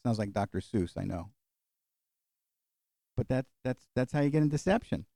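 A middle-aged male pastor preaching a sermon and closing in prayer, folksy and animated, acting out little quotes and jokes. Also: mid-range voice, normal speed, creaky, no echo, studio quality.

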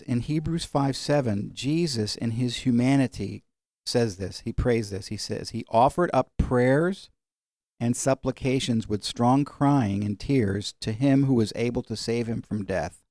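Mellow-voiced man preaching a sermon. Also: medium pitch, no room sound, studio quality. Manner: conversational, varies pace for emphasis, slows on scripture. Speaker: pastor. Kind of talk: sermon teaching.

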